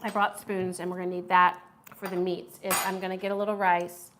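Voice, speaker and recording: A woman's voice: on the low side, little pitch movement, fairly quick, a bit bright. A woman hosting a casual live-stream food review, chatty and enthusiastic, reading viewer comments aloud.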